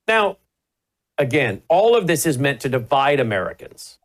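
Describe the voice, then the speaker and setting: An animated male talk show host whose voice swings widely up and down. He speaks emphatically and breaks into laughter easily. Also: medium pitch, normal speed.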